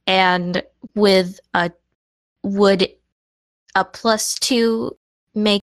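Slow-talking woman playing a tabletop game. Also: medium pitch, steady tone, no echo. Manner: thinking aloud, hesitant. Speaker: player. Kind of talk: tabletop game play, casual.

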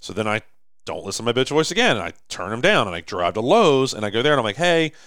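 A man's voice: fairly low pitch, sing-song, fast talker, a bit bright, no echo, studio quality. A man co-hosting a podcast, rambling through a long story in casual chat, with many restarts. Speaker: podcast co-host. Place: indoor office or shop.

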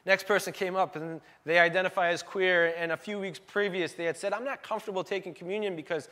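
A man's voice: high-pitched, fairly even intonation, quick pace, pushed and bright. A man preaching a sermon, telling stories in an earnest, emotional way. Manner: emotional, earnest storytelling with laughs. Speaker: pastor.

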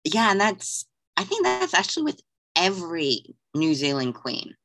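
A woman with a notably low voice that still moves around a lot chats as a podcast co-host. Her replies are short and agreeable, and she mostly chimes in to back up her partner. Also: huge pitch swings, normal speed, a bit bright, a little hiss or hum. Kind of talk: casual chat.

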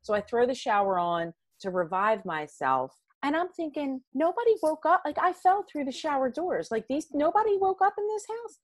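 A woman in her fifties, a podcast guest, telling a personal story in a lively way and acting out quoted lines. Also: sits high, normal speed, few pauses, no echo. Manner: animated, acts out quoted lines.

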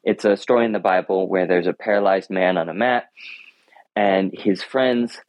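A man's voice: sits low, moderate pace, darkish tone, no echo. A teenage boy answering interview questions, earnest and reflective, often restarting his sentences. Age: teens. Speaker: high school runner, interview guest. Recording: dull lo-fi sound.

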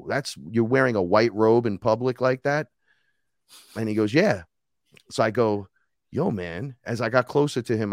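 A man's voice: on the low side, dry recording, studio quality. A man, a guest on an interview podcast, telling a long personal story in casual, profane language and acting out the dialogue. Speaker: podcast guest, rapper and shaman.

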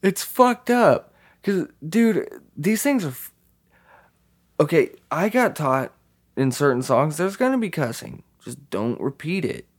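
A young man in casual podcast chat, rambling and swearing in quick bursts. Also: a little high, sing-song, husky. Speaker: podcast co-host.

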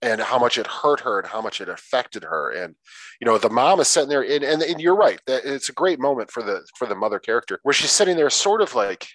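A man in a casual film-discussion chat, relaxed and swearing freely, stretching out words for emphasis. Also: medium pitch, fairly quick, no echo, low-quality recording.

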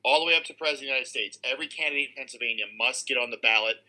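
A man's voice: mid-range voice, very fast, sharp tone, rough recording. A man, a podcast guest, explaining election rules in detail with some fillers. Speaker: guest, local political organizer. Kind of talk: casual interview chat.

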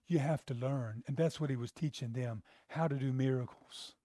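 A man's voice: medium pitch, moderate pace, warm tone, dry recording, studio quality. A man preaching a sermon in a conversational way, asking the congregation rhetorical questions.

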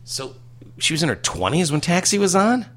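A man co-hosting a podcast. His bright voice swings widely in pitch as he tells a story with lots of energy, then banters back and forth with his partner. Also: normal speed. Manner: animated storyteller who laughs while telling it. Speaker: podcast co-host.

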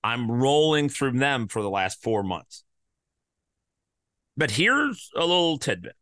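A man's voice: medium pitch, slow, no echo, clean studio sound. Ranting man rattling off stats. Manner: animated, ranting, swears often; rattles off statistics. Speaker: podcast host. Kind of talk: fantasy football podcast monologue.

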